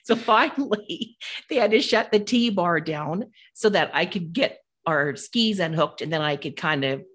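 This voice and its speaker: A middle-aged woman co-hosting a podcast, telling a personal story in a casual, animated way and acting out the voices of the people in it. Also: on the low side, measured pace. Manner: animated, acts out quoted voices. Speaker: podcast co-host.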